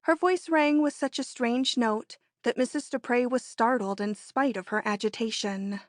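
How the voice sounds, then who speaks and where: A woman's voice: a little high, steady tone, unhurried, no echo, clean studio sound. Woman narrating a classic novel. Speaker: audiobook narrator. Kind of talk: scripted narration.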